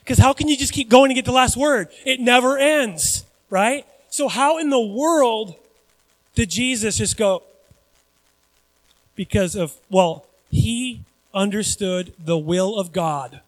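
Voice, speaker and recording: A man preaching a sermon in an animated, conversational way, with frequent asides to the congregation. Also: sits high, slow pace, dry recording, rough recording. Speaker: pastor.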